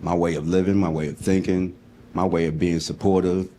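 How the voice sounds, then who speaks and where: Deep-voiced guy in his fifties, laid back, bit of faint noise behind. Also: level tone, a little fast, dark tone. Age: 50s. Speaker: contestant. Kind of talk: casual answers on a dating show.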